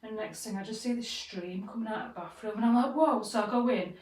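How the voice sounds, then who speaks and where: A woman co-hosting a podcast, telling a story in a casual, animated way and swearing freely. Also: on the high side, quick pace, distant mic. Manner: animated, swears freely, acts out quoted voices. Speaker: podcast co-host. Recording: roomy sound, away from the mic.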